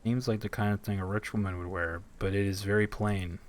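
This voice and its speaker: Goofy streamer man, lowish voice. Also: fairly even intonation, a little fast. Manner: goofy, jokey asides. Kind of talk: casual live gameplay commentary. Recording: stream with game music behind.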